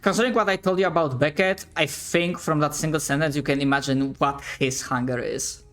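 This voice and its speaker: A man's voice: on the high side, steady tone, fairly quick, a bit bright, soft background music. Man running a tabletop game. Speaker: game master.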